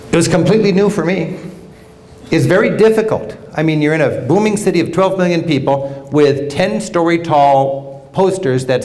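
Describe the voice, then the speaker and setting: A man's voice: a little high, slight background noise. A middle-aged American man giving a public travel lecture, telling stories with humor. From United States. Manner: animated storytelling with humor. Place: lecture hall with audience.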